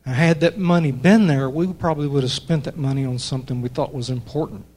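An older man, a church member, giving a personal testimony in an earnest, halting way with many fillers. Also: on the high side, a little mellow. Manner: earnest, pauses often with fillers. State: emotional, voice breaking.

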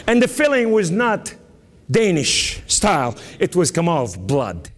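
A man delivers a fervent testimony from the pulpit, his voice sitting a little high for a man and jumping upward for emphasis. Long reverb trails behind each phrase in a big hall. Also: wildly swooping pitch. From Lebanon. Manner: emphatic, with sudden rises and dramatic pauses. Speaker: guest preacher. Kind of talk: impassioned testimony sermon.

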